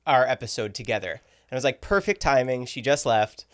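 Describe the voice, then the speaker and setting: A man's voice: medium pitch, brisk, clean tone. A man hosting a podcast, introducing his guest and asking questions in an eager, upbeat way. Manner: upbeat, eager host delivery. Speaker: podcast host.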